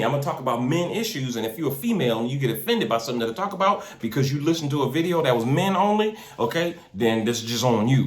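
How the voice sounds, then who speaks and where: A man's voice: medium pitch, reverberant. A man hosting a faith podcast, preaching with energy and street slang, often repeating his words. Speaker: podcast host and minister. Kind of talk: preaching-style podcast talk. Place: in a car.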